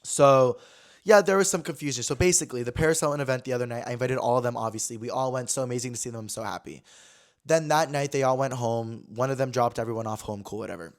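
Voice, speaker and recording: A young man in his twenties hosting a podcast, telling a personal story in a chatty, animated way full of fillers and quoted voices. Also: medium pitch, fast. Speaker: podcast host. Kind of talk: casual storytelling chat.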